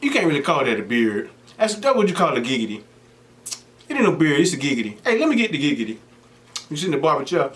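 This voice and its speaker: A young man talks casually to his viewers between bites, and his pitch leaps and falls as he tells stories. He keeps slipping into quick impressions of the people he quotes. A faint hiss of room noise sits under his close-miked voice. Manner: animated storytelling, mimics voices of people he quotes. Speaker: mukbang host. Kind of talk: casual chat while eating.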